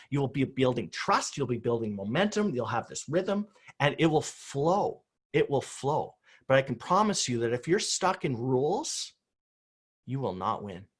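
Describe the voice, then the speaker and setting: A man's voice: medium pitch, fairly bright tone, breathy edge. A middle-aged man giving an emphatic motivational conference talk over a video call, driving home key phrases by repeating them. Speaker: conference speaker on crisis response.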